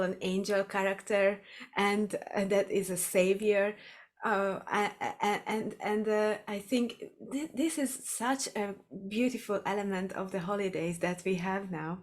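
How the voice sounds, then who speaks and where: A woman co-hosting a podcast, reflecting in a supportive, thoughtful way with some hesitant fillers. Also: mid-range voice. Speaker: podcast co-host. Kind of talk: casual chat.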